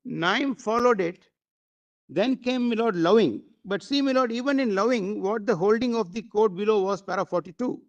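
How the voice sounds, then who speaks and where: Indian lawyer guy, high voice, pleading in court, super formal, my lord this my lord that. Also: a little fast. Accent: Indian English. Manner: formal, addresses the bench as "my lord" constantly. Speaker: advocate. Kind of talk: courtroom argument.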